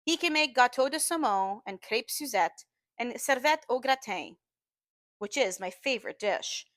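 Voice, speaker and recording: A woman reading a novel aloud in a measured storytelling manner, slowing down to stress key phrases. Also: fairly high pitch, lively intonation, a bit bright, no echo. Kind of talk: audiobook-style reading.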